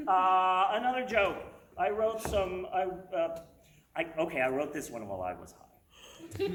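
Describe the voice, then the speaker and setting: A woman performs stand-up on a stage, breaking into chuckles and stumbling over her restarts. Her pitch leaps around a lot. Her voice booms around a hall, with noise behind it. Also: expressive. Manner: chuckles at own jokes, halting restarts. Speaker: stand-up comedian. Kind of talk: stand-up comedy set. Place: stage at a university drag show. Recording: echoey venue with background noise.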